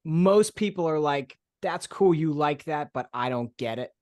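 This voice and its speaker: A man's voice: fairly high pitch, animated, a little slow, a little mellow. A man co-hosting a podcast in casual chat, thoughtful and asking questions. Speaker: podcast co-host.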